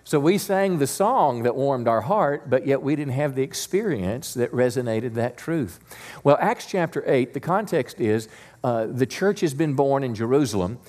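A male pastor preaches a Sunday sermon in a middle-pitched voice, keeping it conversational and easygoing. He draws the congregation in, asking them to repeat key lines back to him. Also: a little mellow. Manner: conversational preacher, leads call-and-response. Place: church sanctuary.

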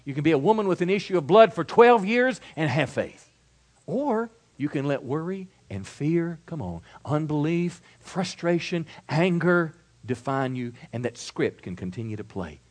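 Emphatic preaching man with lively pitch. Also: moderate pace. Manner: emphatic preaching, swinging between loud declarations and quiet asides. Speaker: pastor. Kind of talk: sermon.

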